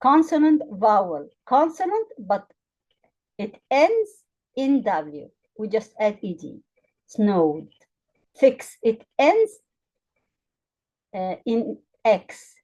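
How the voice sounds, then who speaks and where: A woman teaching English grammar to learners, with an Arabic accent. She speaks slowly and deliberately, spelling out letters and repeating example words clearly. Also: a little high, very animated, darkish tone, poor audio.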